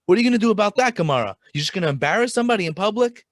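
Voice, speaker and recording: A man's voice: high-pitched, animated, racing, no echo, studio quality, voice pushed up. A man voicing an indignant male son-in-law who urgently protests to his elder.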